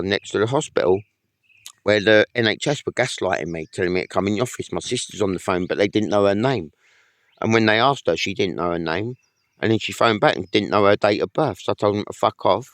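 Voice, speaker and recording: A man's voice: fairly low pitch, expressive, a little fast, no echo, clean studio sound. A man in a casual monologue to camera, rambling and aggrieved, swearing often. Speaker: vlogger.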